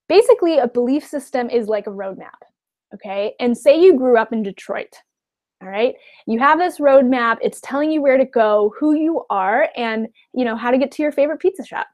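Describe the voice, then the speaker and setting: High-voiced woman coaching in a webinar. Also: a little mellow. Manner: encouraging, says "okay?" often, acts out voices. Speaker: life coach. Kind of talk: webinar talk.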